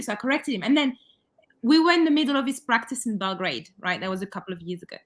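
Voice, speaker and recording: A woman co-hosting a podcast, talking in a casual, animated way with quick bursts. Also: mid-range voice. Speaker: podcast co-host. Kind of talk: casual chat.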